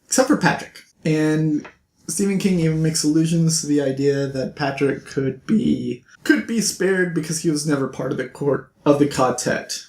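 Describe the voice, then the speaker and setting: A man vlogger retelling a novel's plot in a casual, animated way, with playful asides to his viewers. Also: fairly high pitch. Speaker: book vlogger. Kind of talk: casual book recap. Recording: roomy echo.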